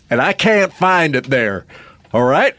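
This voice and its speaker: A man's voice: a little high, sharp tone, no echo, exaggerated voice. A man playing a cranky, swearing cowboy poet who hosts a comedy podcast, with folksy rural talk. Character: cranky male cowboy poet, gruff and defensive. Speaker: podcast host.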